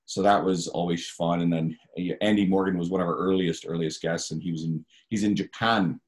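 A man's voice: deep voice, steady tone, fairly quick. A man hosting a podcast in casual, chatty talk with plenty of fillers. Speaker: podcast host.

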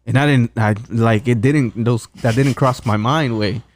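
A man's voice: medium pitch, a little slow, no room sound. A man on a casual podcast, telling a long work story with lots of swearing and restarts. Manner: rambling storyteller, swears a lot, restarts often. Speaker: podcast co-host. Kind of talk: casual chat.

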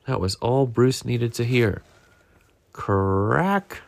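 Slow, gravelly man reading a storybook. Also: on the low side, expressive, no room sound. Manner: gentle, unhurried storytelling. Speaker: parent reading to a child.

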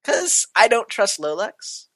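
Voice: medium pitch, very animated, takes it slowly, dry recording. A podcast co-host giving esports betting picks in a playful, jokey way. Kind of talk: casual esports betting chat.

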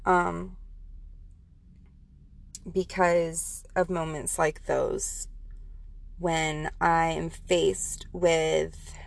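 Low gravelly woman telling a story. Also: little pitch movement, extremely slow, pauses often. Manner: rambling, many fillers and restarts. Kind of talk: casual personal storytelling.

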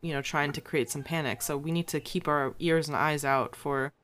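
A player at a tabletop game, speaking casually. They think their plan through out loud as they go. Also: mid-range voice, fairly even intonation, moderate pace.

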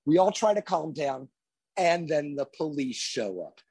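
A man spins a tour story in a casual, animated way, his pitch swinging freely. His voice is husky. The recording is dry and close. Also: unhurried, dry recording. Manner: animated anecdote telling, lively. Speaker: guest musician.

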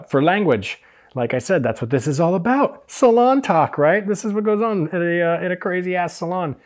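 A young man casually telling a self-deprecating anecdote, acting out the voices of people in it. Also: fairly high pitch. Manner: chatty, self-deprecating, acts out quoted voices. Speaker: hairstylist podcast host.

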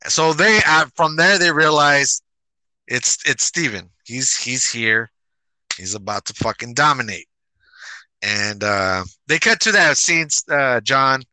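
A man hosting a casual movie review chat, animated and swearing as he retells scenes with acted quotes. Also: medium pitch, clean tone, no echo, low-quality recording. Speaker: podcast host.

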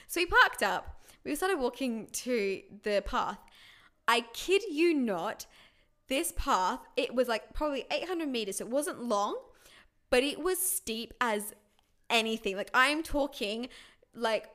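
Woman, high voice, lively laughing storyteller, casual chat. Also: measured pace.

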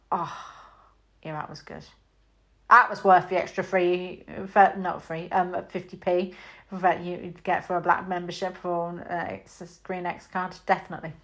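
A woman's voice: fairly low pitch, fairly bright tone. A woman with a British accent giving a chatty, rambling film review, full of fillers and acted-out reactions. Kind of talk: casual spoken film review.

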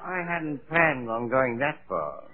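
An actor playing a harried, henpecked husband with dry, wry quips, in 1940s radio comedy style. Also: male voice, mid-range voice, sing-song, takes it slowly, heavy background noise. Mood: feigning death. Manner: dry wry quips, mock-dying groans. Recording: tinny old radio broadcast.

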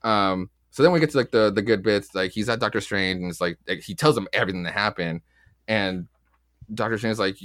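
A man's voice: lowish voice, fairly quick, a bit bright, dry recording, clean studio sound. Casually swearing man recapping comics. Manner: rambling, loose, swears often, acts out quotes. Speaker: podcast co-host.

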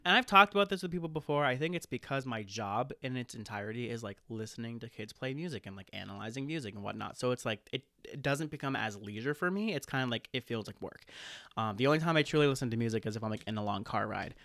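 Lively bright-voiced man from Maine. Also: mid-range voice, fast talker, dry recording, clean studio sound. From Maine, United States. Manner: animated storytelling, laughs often. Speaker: podcast guest, band director. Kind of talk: casual podcast chat.

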